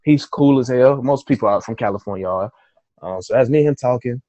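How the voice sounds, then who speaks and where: A man guest on a podcast, telling a story in a casual, animated way, swearing freely and acting out his own reactions. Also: medium pitch, brisk, no echo.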